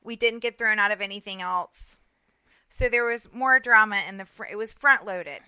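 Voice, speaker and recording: Southern woman co-host in her forties, lively storyteller, bright crisp voice, dry close sound. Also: mid-range voice, moderate pace, no room sound. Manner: animated storytelling, acts out quotes. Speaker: podcast co-host. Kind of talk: casual chat.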